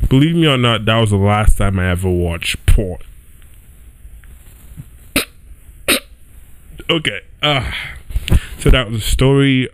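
A man's voice: fairly low pitch, slight background noise. Chatty young man telling a story. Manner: loose and chatty, sprinkles "right?" and "yo". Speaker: podcast host. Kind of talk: casual storytelling monologue. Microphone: home setup with squeaky chair.

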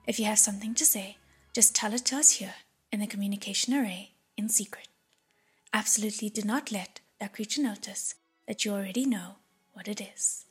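A breathy-voiced woman voicing a patient young male prince who speaks softly and soothingly, in an audiobook. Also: high voice, heavily acted. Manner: soft and soothing.

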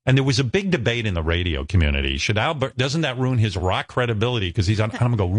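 A man in his sixties from the New York area, a radio host telling stories in an animated, self-mocking, profane way. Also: on the low side, quick pace, few pauses, no echo, studio quality. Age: 60s. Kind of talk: casual chat.

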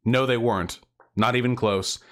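A man's voice: medium pitch, fairly even intonation, normal speed. A man hosting a reaction commentary video, rebutting clips in a sarcastic, mocking way.

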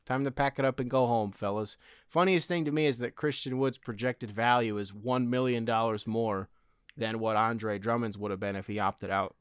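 A man co-hosting a podcast in casual sports chat, animated, with quick asides. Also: medium pitch, clean tone, no echo, clean studio sound. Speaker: podcast co-host.

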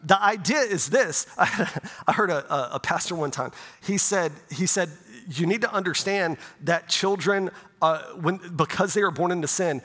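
A man's voice: high-pitched, normal speed, fairly bright tone, slight background noise. A middle-aged male pastor preaching a sermon in a conversational way, often checking in with "right?". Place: church sanctuary. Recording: long church reverb.

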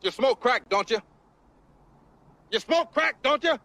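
A man doing a high, taunting voice of someone accusing another person. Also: animated, measured pace, bright, forceful tone, no room sound, exaggerated voice.

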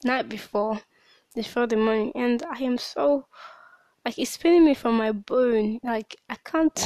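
A woman's voice: a little high, steady tone, a little slow, a little mellow, no echo. A woman hosting a personal diary podcast, upset and worn out from crying, venting in broken, restarting sentences. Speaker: podcast host and small business owner.

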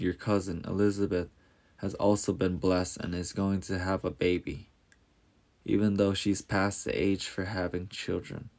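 A kind male angel, calm and reassuring, speaks with a low, gravelly edge in a storybook tale. A man reads him aloud, keeping close to his own voice. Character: the angel Gabriel, a kind male heavenly messenger.

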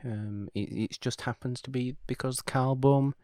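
A man's voice: medium pitch, steady tone, unhurried, dark tone, dry recording, studio quality. A man co-hosting a film podcast, chatting casually in a wry, playful way. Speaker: podcast co-host.

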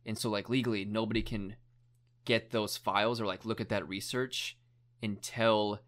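A man's voice: lowish voice, fairly even intonation, moderate pace, fairly bright tone. A young man in casual chat, retelling a documentary story in a rambling way, full of "like" and casual swearing.

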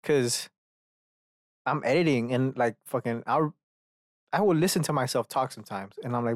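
A man's voice: medium pitch, expressive, a little slow, pauses often, dry recording, studio quality. A man hosting a solo podcast, rambling, swearing freely and breaking off to mock himself. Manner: rambling and profane, self-mocking asides. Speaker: podcast host.

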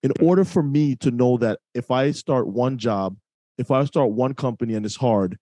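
A man with a mellow, warm tone hosting a podcast, recorded close and dry. He reflects on his guests' points and sums them up in a casual, thoughtful manner, restarting a phrase now and then. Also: medium pitch, moderate pace, no room sound.

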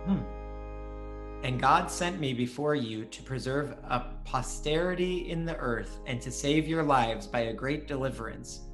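A man reading old scripture aloud in a measured, deliberate way, then trading jokes in casual chat as a podcast co-host. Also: mid-range voice, fairly bright tone, faint music behind.

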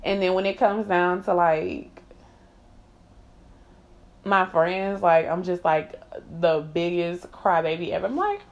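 A woman speaks straight to camera in a personal vlog, blunt and emphatic, cursing casually and laughing as she talks. Her voice sits on the lower side. The recording is slightly muffled and lo-fi. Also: flat delivery, slow, long pauses. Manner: candid and emphatic, swearing freely, laughing often. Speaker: vlogger. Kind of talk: candid personal monologue. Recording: slightly dull lo-fi sound.

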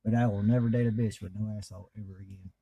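A man's voice: lowish voice, steady tone, racing, warm tone. Profane, rambling man. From US South. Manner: rambling, profane, laid-back drawl. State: stoned. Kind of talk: crude storytelling in casual chat.

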